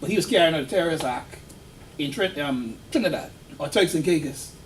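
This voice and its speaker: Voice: medium pitch, expressive, a little fast, slight background noise. An instructor giving a casual, story-driven classroom lecture and quizzing the students. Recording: distant classroom recording with faint ambience.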